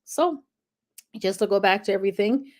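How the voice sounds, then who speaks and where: A woman's voice: mid-range voice, animated, normal speed, a little mellow. A middle-aged woman giving casual health advice to parents, chatty and often checking in with "okay?". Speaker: health video host.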